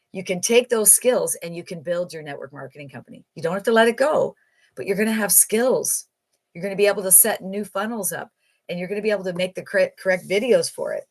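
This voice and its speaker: A woman giving an enthusiastic, emphatic motivational sales pitch for an online marketing program.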